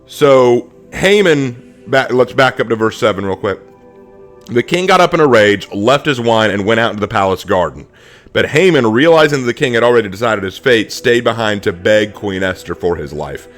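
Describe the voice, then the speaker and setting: A man's voice: mid-range voice, animated, moderate pace, a bit bright, soft background music. A man teaching a Bible study dramatically, acting out scenes in voices.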